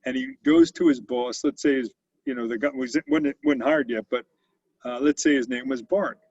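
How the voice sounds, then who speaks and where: An older man spins business stories in an animated way. He often slips into the voices of the people he quotes. His voice is gravelly and sits at a middle pitch. It is recorded dry and sounds dull and lo-fi. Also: normal speed, no echo. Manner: animated storyteller who acts out quotes. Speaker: company founder and guest speaker. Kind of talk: storytelling interview.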